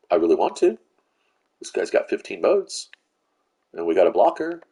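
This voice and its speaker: Man, very low voice, swearing, ranting, gameplay commentary, rambling. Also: huge pitch swings, normal speed, vocal fry, long pauses, dark tone, breathy edge. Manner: profane, ranting, venting frustration; rambling with restarts and fillers. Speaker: gaming channel host.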